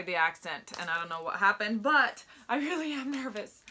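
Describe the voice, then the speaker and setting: A woman's voice: mid-range voice, expressive, normal speed, pushed and bright, slight background noise. A young adult woman giving a casual sewing tutorial, chatty and openly nervous, with many filler ums. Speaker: sewing pattern instructor.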